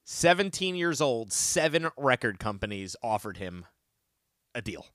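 A man hosting a trivia podcast in casual chat, telling funny stories and reading questions slowly. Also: medium pitch, no room sound, clean studio sound. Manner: animated storyteller, joking, reads questions slowly. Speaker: trivia quiz host.

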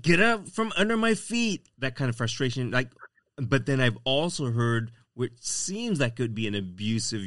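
A man's voice: mid-range voice, fairly bright tone, dry recording, clean studio sound. A man hosting an interview, asking long, rambling questions in a casual way. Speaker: interviewer host.

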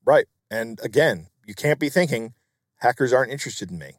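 A man's voice: medium pitch, animated, fairly quick, dry recording, studio quality. A man co-hosting a podcast, explaining scams in a casual, plain-spoken way. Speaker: podcast co-host. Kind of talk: casual chat.

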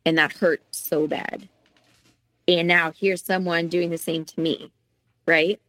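A woman's voice: fairly low pitch, flat delivery, takes it slowly, a bit bright, dry recording. A middle-aged woman, a guest, candidly telling her own painful story, acting out the lines she quotes. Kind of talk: emotional personal storytelling.

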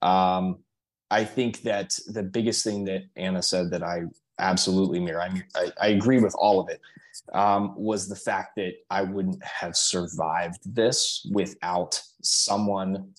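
A man speaking as a podcast guest in casual conversation, earnest and halting, with many fillers and restarts. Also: sits low, steady tone, rough recording.

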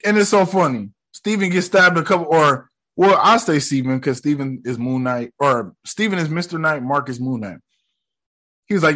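Excitable man in a slangy reaction. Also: on the high side, moderate pace. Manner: excitable, profane, slangy, acts out lines from the show. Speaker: reaction video host. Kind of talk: casual reaction commentary.

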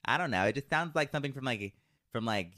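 A woman chatting on a podcast with her sisters, her voice rising and falling in lively swoops. She teases and trails off into fillers as she searches for words. The sound is close and dry. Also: rumbling low, fast, no echo. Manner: animated, teasing, lots of "like" restarts. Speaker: podcast co-host. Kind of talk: casual chat among sisters.

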